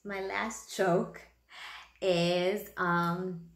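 A woman's voice: on the low side, level tone, very slow, reverberant, very noisy. A woman hosting her own channel, chatting casually and rambling with lots of fillers. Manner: rambling, many fillers, laughs at own jokes. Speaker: channel host. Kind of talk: casual vlog chat.

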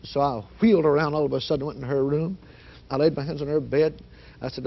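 A man with a fairly high voice tells a personal testimony with fervent feeling, dropping low and then rising into loud, pleading prayer. The audio is dull and lo-fi, like a 1980s broadcast. He tells the story in the manner of a preacher. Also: steady tone, fast talker, gravelly. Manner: fervent, swings from hushed to yelling prayer. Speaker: guest giving testimony.

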